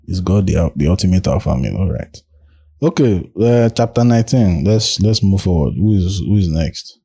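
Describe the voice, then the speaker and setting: A man's voice: low voice, expressive, moderate pace, gravelly, mellow, slightly rough. A man with a Nigerian accent hosting a casual group discussion in an online audio room, firing off emphatic rhetorical questions. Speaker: host.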